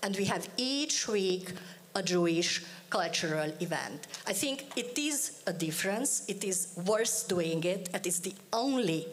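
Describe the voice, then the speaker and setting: Lady politician, talks super slow, repeats herself for emphasis. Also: medium pitch, expressive, a little hiss or hum. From Hungary. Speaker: politician on a panel. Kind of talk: formal panel speech.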